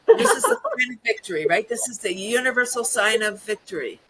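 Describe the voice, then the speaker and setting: High giggly woman guest. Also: wildly swooping pitch, a little fast, a bit bright, slightly rough, low-quality recording. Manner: giggly, playful, bursts of laughter. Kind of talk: playful laughter exercise.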